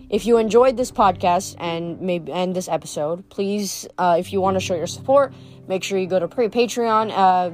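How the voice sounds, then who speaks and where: A woman's voice: on the low side, darkish tone. Casual woman reading aloud. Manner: casual, with fillers and restarts. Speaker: podcast host reading a novel aloud. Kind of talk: read-aloud narration and casual sign-off.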